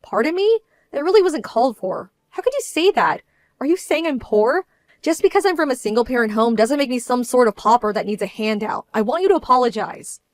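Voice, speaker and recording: Female actor, firm bride-to-be, indignant and measured, a bit high. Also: very animated, no echo. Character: hurt young bride-to-be, composed and firm. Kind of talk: dramatized story voice acting.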